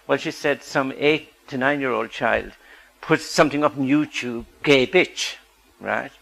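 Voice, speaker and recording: A man's voice: medium pitch, normal speed, vocal fry, a bit bright, low-quality recording. A man giving a public talk as a psychologist, earnest and asking the audience rhetorical questions.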